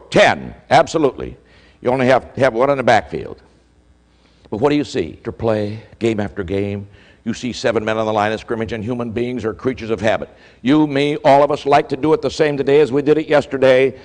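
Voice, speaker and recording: An older male keynote speaker tells a story with lively, acted-out dialogue. His voice sits at a middle pitch, and a long reverb trails behind it in a large hall. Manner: animated storyteller acting out quoted exchanges. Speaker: motivational speaker. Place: large hall before a live audience.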